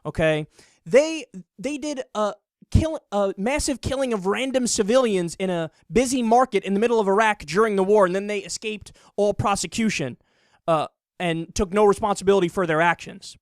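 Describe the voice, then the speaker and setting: A man giving heated, sarcastic political commentary, mocking his opponents and sometimes rising to an angry near-shout. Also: high voice, normal speed, no echo, clean studio sound. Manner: sarcastic, mocking, mimics opponents in put-on voices.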